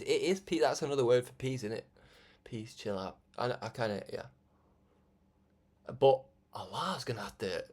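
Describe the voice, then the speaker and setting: Brief: man, everyday middle pitch, rambling spiritual broadcaster, chatty, laughs and restarts a lot. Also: darkish tone. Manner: rambling, conversational, laughs often, restarts and stammers. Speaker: religious broadcaster. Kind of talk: informal spiritual talk.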